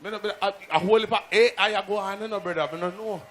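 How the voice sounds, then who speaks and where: A man's voice: high voice, fairly even intonation, fast, fairly bright tone. A man with a Jamaican accent working as a sound clash MC, bantering in rowdy patois. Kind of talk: hyping a live crowd.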